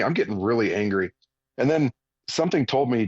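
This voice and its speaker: Speaking fairly quickly in a mid-range voice with a breathy edge, a man in his 40s, a fitness coach on the radio as a guest, shares a story conversationally. He's earnest and plain-spoken, livening up as he retells things. The audio has no room sound but is muffled.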